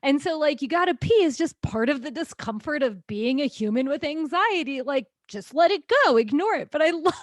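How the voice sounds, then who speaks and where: A woman's voice: high-pitched, lively intonation, normal speed, few pauses, no room sound, studio quality. A woman co-hosting a podcast, chatting casually and backing her partner with frequent agreement and laughter. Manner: supportive listener, frequent yeahs and laughs. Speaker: podcast co-host.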